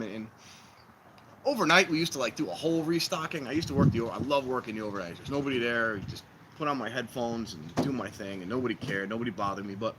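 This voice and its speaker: A man's voice: mid-range voice, sharp tone, slight background noise, rough recording. Rambling man on an outdoor livestream. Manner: rambling, joking, talks to viewers. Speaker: livestream host. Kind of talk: casual livestream chat. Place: outdoors by a fire pit.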